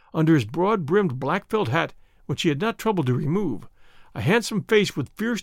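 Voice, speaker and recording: A man narrating a story aloud in an expressive, dramatic reading. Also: a little high, no echo, studio quality. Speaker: audiobook narrator. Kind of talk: scripted narration.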